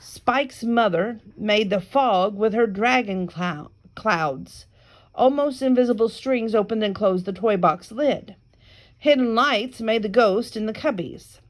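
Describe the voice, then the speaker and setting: A woman reads a children's picture book aloud at a very unhurried pace, pausing for casual asides. Her voice sits a bit high and her reading is careful and even. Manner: slow, careful, with chatty asides. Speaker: reader.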